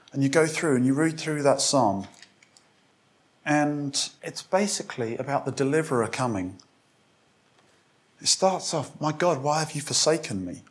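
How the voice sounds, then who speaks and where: A man preaching a sermon, speaking conversationally to a congregation and reading scripture aloud with emphasis. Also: mid-range voice. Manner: conversational with restarts and direct questions to congregation.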